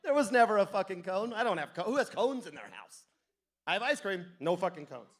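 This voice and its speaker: High-voiced man doing crude stand-up. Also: sing-song, a little fast. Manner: crude, rambling storytelling with frequent laughs and swearing. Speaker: stand-up comic. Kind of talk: stand-up comedy set. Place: comedy club stage.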